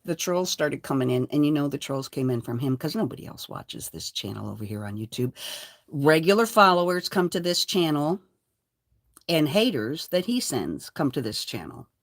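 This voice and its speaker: An older woman rants defiantly on her own channel, swearing freely. Her lowish voice swings widely in pitch, from grumbling asides to loud outbursts, and the sound is close and dry. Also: very animated, normal speed, no echo. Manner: defiant, profane, shifting between low mutters and loud outbursts. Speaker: channel host. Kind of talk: angry livestream rant.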